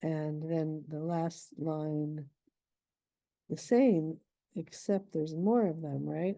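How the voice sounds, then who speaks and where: A woman's voice: low-pitched, fairly even intonation, takes it slowly, dark tone, no room sound, low-quality recording. A middle-aged woman teaching poetic meter in a patient lesson, thinking aloud as she works through lines. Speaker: poetry teacher.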